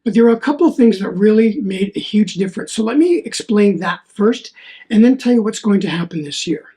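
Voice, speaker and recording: A man's voice: sits high, lively intonation, brisk, mellow. A man hosting a solo faith podcast, telling a personal story in an earnest, rambling way and often repeating his words. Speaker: podcast host.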